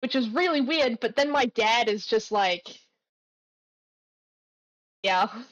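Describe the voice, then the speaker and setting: A woman's voice: a little high, lively intonation, no room sound. A woman from Australia, co-hosting a podcast in casual chat, hesitant and full of fillers. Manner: unhurried, hesitant, with many fillers. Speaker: podcast co-host. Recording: slightly muffled lo-fi mic.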